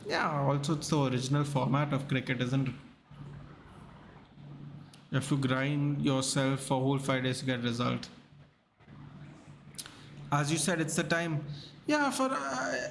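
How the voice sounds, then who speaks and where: A man's voice: mid-range voice, a little slow, vocal fry, long pauses, slight background noise. A man hosting a live sports watchalong, chatting casually and rambling as he reacts to the match and answers the chat, sounding tired. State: tired, yawning.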